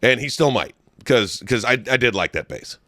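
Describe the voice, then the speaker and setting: A young man telling crude stories on a comedy podcast, his voice swinging up and down in pitch as he goes. The tone is bright and forward. He cusses freely and laughs at his own jokes, recorded close on a dry studio mic. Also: normal speed, no echo. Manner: animated storyteller, swears a lot, breaks into laughs. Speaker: podcast co-host.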